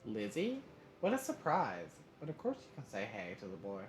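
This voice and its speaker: A man's voice: fairly low pitch, huge pitch swings, fast talker. A man voicing a cheery middle-aged father on the phone, friendly and chatty. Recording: roomy echo, faint noise.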